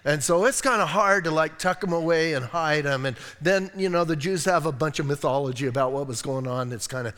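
A man's voice: on the high side, a little fast, hardly any pauses, big-room sound. A man with an American accent preaching a sermon as pastor, telling stories with jokes and asides. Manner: animated storytelling with jokes and asides. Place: church sanctuary.

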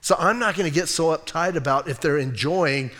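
Folksy middle-aged pastor in a reverberant hall. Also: male voice, on the high side, brisk, fairly bright tone. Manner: casual and folksy, many fillers and restarts, acts out voices of the people. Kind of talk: conversational sermon. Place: church sanctuary.

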